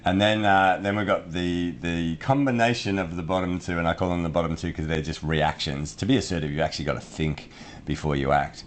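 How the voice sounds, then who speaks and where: A man's voice: deep voice, steady tone, a little fast, slight background noise. A man co-hosting a podcast, explaining ideas in casual chat with everyday examples and frequent restarts. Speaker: podcast co-host.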